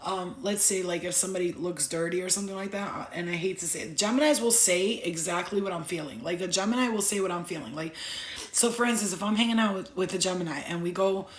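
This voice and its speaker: A young woman giving a casual astrology talk, blunt and profane, telling lively stories. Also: lowish voice, fast, echoey room. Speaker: astrology vlogger.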